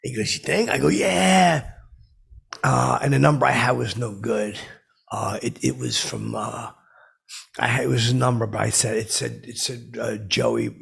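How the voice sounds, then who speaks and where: A clueless, self-important braggart, as a man puts him on for a comedic monologue, his voice gravelly and rough with a husky, raspy edge. He rambles through his boasts, looping back on himself again and again. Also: mid-range voice, expressive, normal speed, fairly bright tone, exaggerated voice. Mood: rambling boastful. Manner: rambling, self-aggrandizing, repeats "I go". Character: boastful, clueless middle-aged man telling tall tales.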